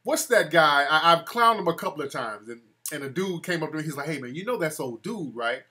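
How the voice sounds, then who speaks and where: A man's voice: a little high, animated, a little fast, bright, forceful tone. A man hosting a live call-in show, mocking callers in loose street slang. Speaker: host.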